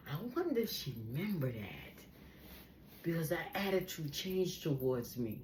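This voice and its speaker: A woman telling a personal story in a casual, animated way, acting out the people she quotes. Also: low voice, a little slow, a little hiss or hum.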